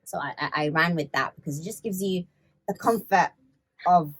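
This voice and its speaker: A woman's voice: on the low side, moderate pace, breathy edge. A woman, a podcast guest telling stories in a casual interview and animatedly acting out the people in them. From London.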